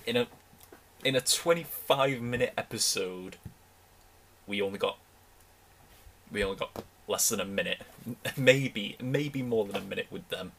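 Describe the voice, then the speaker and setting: A young man with a lowish voice talks through a show he has just watched in loose, excited fan chatter. He keeps stopping and restarting his sentences as the thoughts come. A faint hiss sits under his voice. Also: measured pace, gravelly, pauses often. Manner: rambling, restarts sentences, enthusiastic fan talk. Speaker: reaction video host. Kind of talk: casual reaction commentary.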